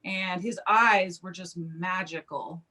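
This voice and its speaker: Animated woman telling a personal story. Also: lowish voice, slow. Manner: animated, acts out quoted speech. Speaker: psychic medium guest. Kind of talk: casual storytelling in an interview.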